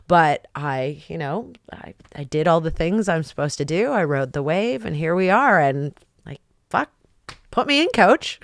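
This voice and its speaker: A woman's voice: lowish voice, no room sound, studio quality. A woman hosting a podcast, a pro wrestler speaking openly and candidly, swearing casually.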